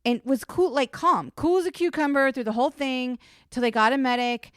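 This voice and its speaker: A woman's voice: sits high, brisk, a bit bright, clean tone, no room sound, studio quality. Chatty woman telling a story. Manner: rambling storytelling with many "like"s. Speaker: podcast co-host. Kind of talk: casual chat.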